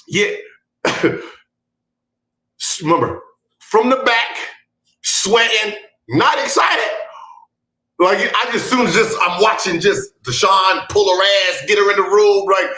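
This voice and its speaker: Animated man telling a wild story. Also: high voice, slow pace, pauses often, echoey room. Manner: animated, laughing, shouting punchlines, sound effects. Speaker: podcast host. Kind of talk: comedic storytelling.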